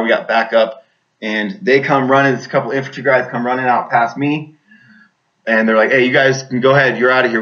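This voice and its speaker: A man's voice: medium pitch, fairly bright tone. Rambling man telling a war story. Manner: rambling, repeats words, many fillers. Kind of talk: personal storytelling. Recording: dull lo-fi recording.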